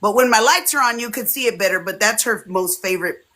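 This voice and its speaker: Talking fast in a mid-range voice, this woman in her forties is a guest in a casual chat streamed from home. Her storytelling is animated, and she frequently mimics the friends she quotes.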